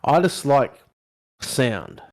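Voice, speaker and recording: A man's voice: medium pitch, big pitch swings, drawn-out words, darkish tone. A man, chatting casually and swearing as a podcast co-host. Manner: easygoing, sweary, agreeable. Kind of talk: casual chat.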